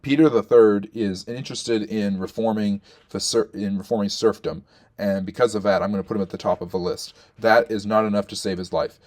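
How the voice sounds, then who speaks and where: A man's voice: fairly low pitch, fairly even intonation, brisk, a little mellow. A man talking as a historian, explaining and ranking rulers off the cuff, with many fillers and restarts as he thinks aloud. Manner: thinking aloud with frequent fillers and self-corrections.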